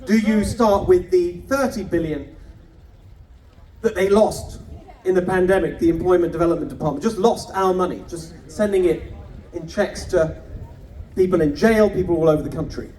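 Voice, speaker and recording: A man's voice: sits high, moderate pace, warm tone, far from the mic. A man giving a punchy, mocking campaign rally speech, firing off rhetorical questions at an outdoor rally. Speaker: political candidate.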